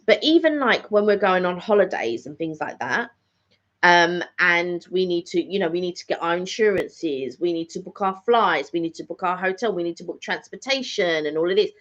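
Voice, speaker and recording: Animated and pitched on the low side, the woman talks at a normal speed. She's a middle-aged vlogger rambling casually in a live catch-up, repeating phrases frequently, and the recording sounds dull and lo-fi.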